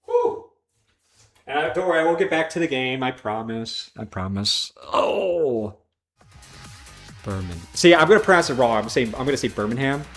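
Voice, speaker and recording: Man from Chicago, livestream host: lively, rambling, curses freely; faint game music underneath. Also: mid-range voice, moderate pace. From Chicago, American Midwest. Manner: animated, swears freely, wanders off on tangents. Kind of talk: casual gaming livestream chat.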